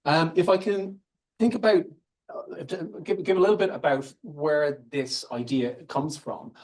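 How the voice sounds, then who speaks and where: A man's voice: a little high, a little slow, darkish tone. A man giving an academic seminar talk in a conversational way, thinking aloud and restarting phrases as he goes. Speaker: invited academic speaker. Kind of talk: academic lecture, loosely following slides.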